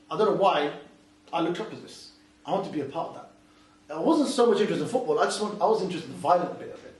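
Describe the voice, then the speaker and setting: A man's voice: high voice, a little mellow, a little hiss or hum. Man speaking in a far, echoey hall. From England. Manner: chatty and storytelling, asides to the audience. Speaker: Islamic youth speaker. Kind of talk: motivational talk to a youth audience.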